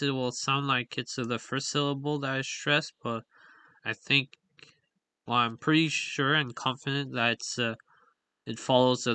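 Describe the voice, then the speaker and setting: A man's voice: mid-range voice, bright, forceful tone, clear, resonant tone, dry recording. A man explaining a language's stress patterns in a casual, hesitant way, full of fillers and self-corrections. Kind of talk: casual explainer with on-screen examples.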